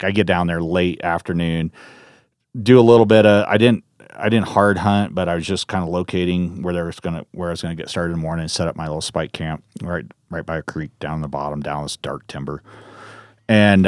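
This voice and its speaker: A man's voice: low voice, dry recording, studio quality. A man from Northern California, a podcast guest, telling a story in casual conversation with lots of swearing and restarts. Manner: animated, profane, full of restarts.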